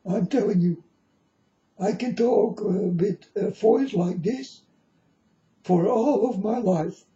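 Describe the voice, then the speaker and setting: A man putting on a high, singsong voice that he says sounds like an eighty-year-old man. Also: takes it slowly, warm tone. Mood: boastful. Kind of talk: showing off a put-on voice. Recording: dull lo-fi recording.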